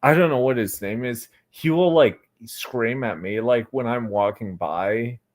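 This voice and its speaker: A man's voice: mid-range voice, unhurried. A young American man, a livestream interview guest, talking hesitantly and rambling with many fillers and restarts. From United States. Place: Florida.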